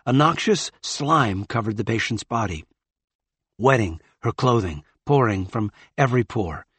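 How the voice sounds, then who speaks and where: A man narrating a novel in a measured, grave manner. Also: medium pitch, expressive, a bit bright, breathy edge, dry recording. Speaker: audiobook narrator. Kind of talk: scripted narration.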